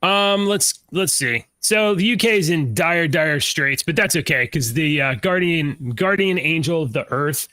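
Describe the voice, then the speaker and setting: A man co-hosting a casual podcast talks in a bright, slightly high voice. He rambles through stories, stops to restart his sentences, and laughs at his own jokes. The sound is close and dry. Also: measured pace, few pauses, dry recording. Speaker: podcast co-host. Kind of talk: casual chat.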